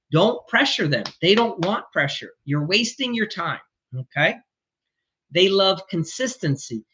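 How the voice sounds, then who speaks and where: High, bright-voiced blunt male sales coach. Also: very animated, unhurried, breathy edge, lo-fi sound. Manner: emphatic, blunt, swears casually. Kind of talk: energetic coaching talk.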